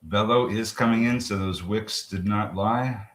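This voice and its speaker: A man co-hosting a live trading show, talking through charts in a chatty, halting way. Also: on the low side. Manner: chatty, halting, restarts with fillers, quick laughs. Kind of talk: live market commentary. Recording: roomy echo.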